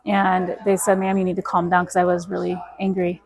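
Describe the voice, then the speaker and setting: A woman speaks quickly and keeps her pitch flat and steady. She is a guest telling her own story with force, and she quotes herself and everyone else as she goes. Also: rough recording. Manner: emphatic, quotes herself and others in dialogue. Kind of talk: storytelling in an interview.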